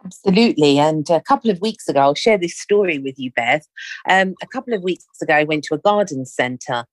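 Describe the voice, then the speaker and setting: A woman's voice: sits low, a little fast, no echo. A woman telling a story in casual chat, acting out the dialogue as she goes. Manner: animated storyteller, acts out quoted dialogue.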